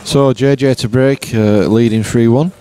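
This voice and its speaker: English bloke doing live pool commentary, chatty and laid back, normal pitch. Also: male voice, measured pace, over music. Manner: relaxed, chatty, self-mocking.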